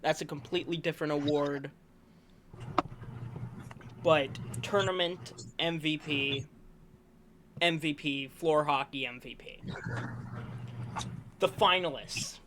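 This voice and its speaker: A man's voice: a little high, slow pace, long pauses, a bit bright, a little hiss or hum. A man co-hosting a casual sports review, announcing award finalists in a rambling, self-correcting way while hiccuping. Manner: rambling, self-correcting, enthusiastic about players. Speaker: co-host presenting awards.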